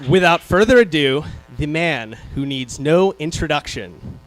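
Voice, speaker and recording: A man's voice: a little high, animated, measured pace. A young man, vice president of a student club, giving an indignant, rousing introduction speech at a rally on stage in a hall. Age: young adult.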